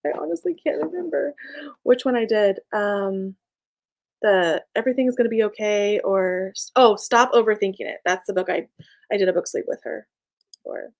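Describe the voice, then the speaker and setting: A woman's voice: mid-range voice, moderate pace, creaky, darkish tone. A young woman chatting casually on a live stream, reading viewer comments, bubbly and laughing often. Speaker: small business owner and live streamer.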